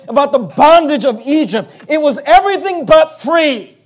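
A man's voice: very high voice, lively intonation, normal speed. A man preaching a sermon as pastor, emphatic, with rhetorical questions and frequent restarts.

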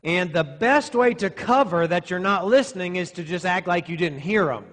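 A man's voice: high voice, expressive, moderate pace, fairly bright tone. A middle-aged male pastor preaching to young men, using sarcasm and exaggeration to make his point. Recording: long reverb in a hall.

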